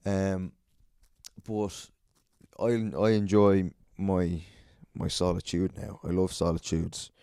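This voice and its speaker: A man's voice: sits low, flat delivery, slow pace, warm tone, clean tone, no echo, studio quality. An Irish man hosting a solo podcast, rambling and swearing a lot, self-mocking and a bit out of breath. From Ireland. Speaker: podcast host.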